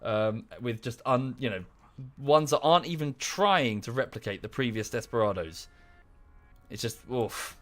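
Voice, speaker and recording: Thirties male streamer, mid-pitched, rambling and ranting into a close mic. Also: expressive, normal speed, faint music behind. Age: 30s. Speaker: game streamer. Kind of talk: casual live-stream chat. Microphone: close to the microphone.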